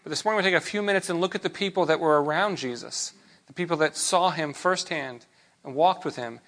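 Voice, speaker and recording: A man preaching a sermon in a relaxed, conversational way, with rhetorical questions and frequent restarts. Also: a little high, a little fast. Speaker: pastor.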